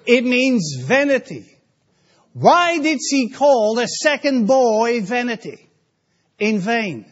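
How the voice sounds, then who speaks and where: A male preacher with a high, lively voice who speaks slowly and emphatically, repeating key words and asking his congregation questions. The recording sounds dull and lo-fi. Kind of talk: sermon.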